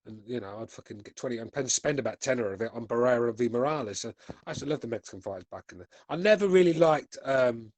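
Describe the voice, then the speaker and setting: A British man in his forties hosts a podcast, speaking fast at medium pitch with no room sound. He reads out chat comments in casual, blunt talk peppered with swearing.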